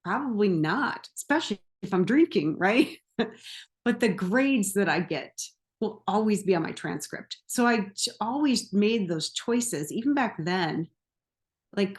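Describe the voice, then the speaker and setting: Woman coach, casual to-camera talk, mid pitch, easy laughs and lively asides. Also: a little slow. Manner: conversational, laughs often, animated asides. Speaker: empowerment coach.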